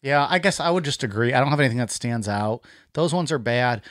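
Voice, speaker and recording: A man's voice: mid-range voice, animated, a little fast, a bit bright, dry recording, studio quality. A man co-hosting a podcast in casual chat, blunt and laid-back, swearing freely. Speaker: podcast co-host.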